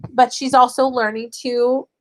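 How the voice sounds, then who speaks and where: A young mother talks casually to her camera with a bright, high voice. She is chatty and animated, and often acts out what she tells her kids. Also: a little slow. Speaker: stay-at-home mother starting homeschooling. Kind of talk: casual vlog chat.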